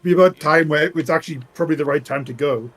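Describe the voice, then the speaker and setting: A man in a casual tabletop session who jokes, swears freely and laughs often. His voice sits slightly high. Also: fast talker, a bit bright, faint music behind. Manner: joking, swears, laughs a lot. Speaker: player. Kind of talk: casual tabletop role-play.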